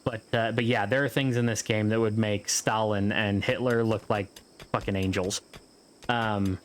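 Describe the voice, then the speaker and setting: A man's voice: fairly low pitch, steady tone, moderate pace. Rambling, joking man narrating his gameplay. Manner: rambling, joking, swears casually. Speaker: gameplay video host. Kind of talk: casual gameplay commentary.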